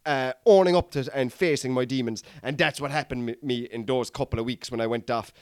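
A man's voice: medium pitch, a little fast, no room sound, clean studio sound. An Irish man who hosts a comedy podcast, telling a rambling, sweary story and calling his listeners lads. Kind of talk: casual storytelling monologue.

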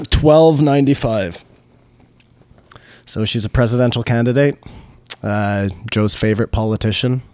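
A man co-hosting a casual podcast, asking measured questions. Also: mid-range voice, lively intonation, darkish tone, dry recording. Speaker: podcast co-host. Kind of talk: casual chat.

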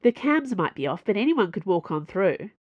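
A woman's voice: mid-range voice, very animated, normal speed, no room sound, muffled recording. A woman voicing an anxious, worried young female cadet in a storybook reading. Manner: anxious, exasperated.

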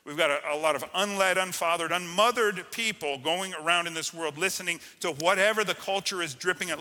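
A man preaching a sermon as pastor, energetic and full of call-and-response to the congregation. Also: sits high, a little fast, hardly any pauses, big-room sound. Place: church sanctuary.

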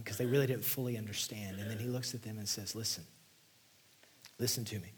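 A man preaching a sermon, reading scripture and explaining it, sometimes dropping to a hushed near-whisper for emphasis. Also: on the low side, steady tone, fairly quick, pauses often, slight background noise. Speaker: pastor.

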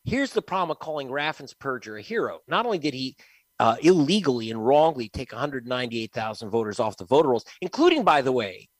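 A man's voice: mid-range voice, big pitch swings, fairly quick, no room sound. A man, a guest investigative reporter, giving emphatic, scornful political commentary with frequent laughs.

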